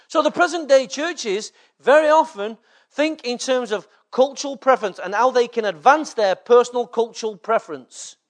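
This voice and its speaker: High-pitched preaching man. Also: moderate pace. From England. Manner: preaches with frequent rhetorical check-ins to the congregation. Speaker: pastor. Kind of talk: sermon.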